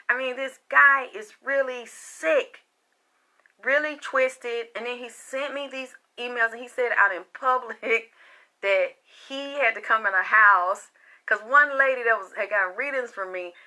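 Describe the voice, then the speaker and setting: Vlogger woman, fiercely bright and cutting tone, slightly high voice, hot-tempered and swearing. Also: moderate pace. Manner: heated, profane and confrontational; loud and exasperated. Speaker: spiritual reader and vlogger. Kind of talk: unscripted personal rant to camera.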